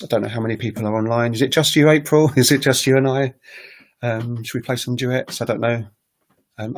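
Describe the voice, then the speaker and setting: A man teaching on a casual livestream, talking in a rambling, hesitant way with many fillers. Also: medium pitch. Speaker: language teacher and recorder player. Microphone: webcam livestream setup.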